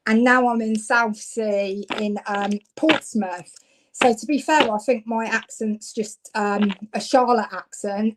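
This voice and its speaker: A chatty, warm-hearted woman from Devon, England, gives live psychic card readings and talks with her viewers, getting louder when she's excited. Her voice is medium-pitched, and the audio quality is poor.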